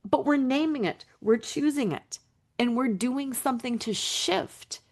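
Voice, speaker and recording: Earnest emphatic woman podcast host. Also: on the high side. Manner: earnest, emphatic, repeats key phrases. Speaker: podcast host and betrayal recovery coach. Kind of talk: solo podcast monologue.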